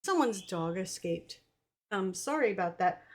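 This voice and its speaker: A woman's voice: mid-range voice, lively intonation, unhurried. A young adult woman streamer chatting casually with viewers, bubbly and laughing. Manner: bubbly, laughing, hesitant fillers. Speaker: streamer host. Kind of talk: casual live-stream chat.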